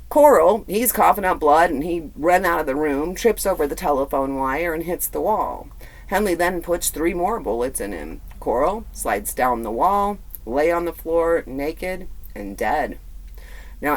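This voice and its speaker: A man hosting a true crime podcast, telling the story in a casual, conversational way with blunt, profane asides and lots of fillers. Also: a little high. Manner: filler-heavy, repeats words.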